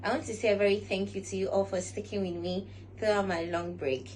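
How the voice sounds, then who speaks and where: A woman giving measured, instructive lifestyle advice to camera. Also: mid-range voice, fairly even intonation, a little mellow, a little hiss or hum, rough recording. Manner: measured and instructive, often recaps with "all right". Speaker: lifestyle vlogger. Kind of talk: casual advice talk to camera.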